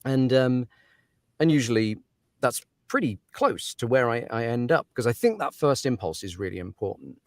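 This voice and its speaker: A man's voice: mid-range voice, lively intonation, normal speed, dry recording, clean studio sound. A man who narrates audiobooks, talking through his craft in a casual interview, thoughtful and given to laughs and fillers.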